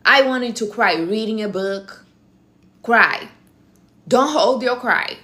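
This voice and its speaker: A woman's voice: on the high side, slow pace, pushed and bright. A woman hosting a casual live stream, giving blunt, teasing advice in non-native English phrasing. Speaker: livestream host.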